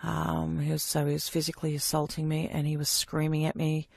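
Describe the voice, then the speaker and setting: Halting woman with a gravelly voice. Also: sits low, completely flat delivery, dry recording, studio quality. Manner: halting, with many fillers and restarts. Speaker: abuse survivor giving testimony. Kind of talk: recounted personal testimony.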